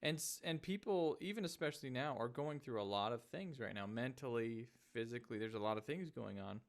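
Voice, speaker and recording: Relaxed male podcast host. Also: mid-range voice, brisk. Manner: relaxed, with brief agreeing replies. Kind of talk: casual interview chat.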